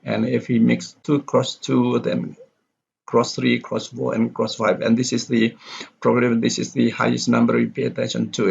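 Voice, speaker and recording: On a dull lo-fi recording, a husky, creaky mid-range male voice with a darkish tone walks through a lesson step by step. The lecturer is a non-native speaker whose first language is Indonesian, and he halts often with fillers and corrects himself.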